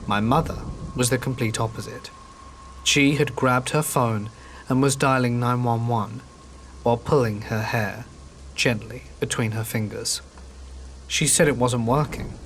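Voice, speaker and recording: Guy reading a creepy true story, steady and calm, soft rain noise behind. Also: mid-range voice. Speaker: horror story narrator. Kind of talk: scripted narration. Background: faint rain.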